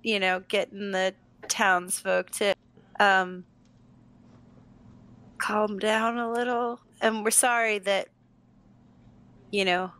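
A woman's voice: medium pitch, level tone, takes it slowly, pauses often, fairly bright tone, clear, resonant tone. A woman playing a tabletop game, talking in character in a rambling, flustered way. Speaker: player.

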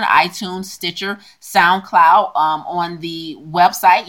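A woman's voice: lowish voice, fairly bright tone. A woman co-hosting a casual podcast as a health coach, talking in long, emphatic runs. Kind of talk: casual chat and show promotion.

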